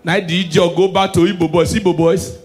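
A Nigerian man performing a stand-up comedy set, mixing Pidgin into his stories and swinging from soft asides to shouted punchlines. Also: high-pitched, flat delivery, a little fast.

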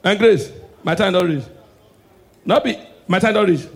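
A man with a Nigerian Pidgin accent doing a stand-up comedy set, swinging from low preachy asides to loud shouted punchlines. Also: lively intonation, moderate pace, vocal fry.

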